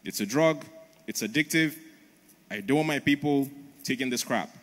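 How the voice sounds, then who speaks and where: Man doing a firm, indignant king, slightly raised pitch, hall echo. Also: moderate pace, close to an everyday voice. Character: stern king refusing a drug trade, male. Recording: long reverb of a large hall.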